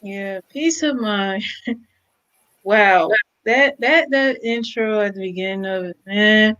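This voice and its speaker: A woman's voice: medium pitch, takes it slowly, fairly bright tone, low-quality recording. A woman co-hosting a casual hip hop album review, chatty and a bit hesitant.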